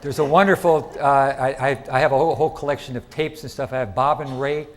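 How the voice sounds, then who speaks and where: A middle-aged man giving a conference lecture in a lively, chatty way, asking the audience questions. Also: mid-range voice, quick pace, noisy background. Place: lecture hall.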